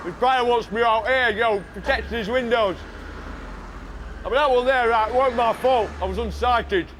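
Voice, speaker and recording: A man's voice: very high voice, moderate pace, a bit bright, slight background noise. A man voicing a cheerful, chatty retired goalkeeper making excuses. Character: cheery retired male goalkeeper, matter-of-fact.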